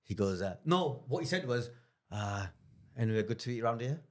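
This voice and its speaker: A male comedian guesting on a podcast, rattling through a funny story at a very quick clip. He is animated and loose, and swears freely. His pitch sits in the middle of the male range. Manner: rapid, animated anecdote-telling with swearing and laughter. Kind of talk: casual chat, storytelling.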